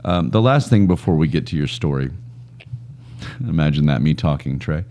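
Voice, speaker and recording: A man's voice: very deep voice, lively intonation, moderate pace, mellow. A man co-hosting a podcast in casual banter, joking and poking fun at himself. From Scotland. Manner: joking, self-deprecating storyteller. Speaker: podcast co-host. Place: studio.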